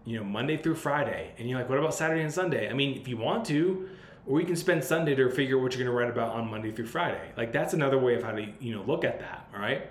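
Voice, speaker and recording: A man's voice: medium pitch, quick pace. Blunt, profane man hosting a podcast. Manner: blunt and profane, loose and conversational. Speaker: podcast host. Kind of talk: casual advice monologue. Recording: roomy sound with faint background noise.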